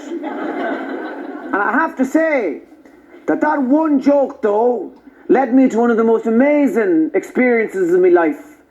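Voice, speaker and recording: An Irish man doing stand-up, telling a story in a wry, deadpan way with slow punchlines. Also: very high-pitched. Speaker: stand-up comedian. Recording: dull live audience recording. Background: audience laughter.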